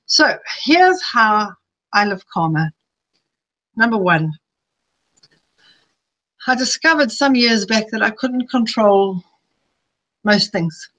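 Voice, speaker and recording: A middle-aged woman giving a live webinar talk, chatty and personal, sometimes piling up quick lists. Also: mid-range voice, animated, fairly bright tone, poor audio. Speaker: webinar presenter. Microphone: streaming live.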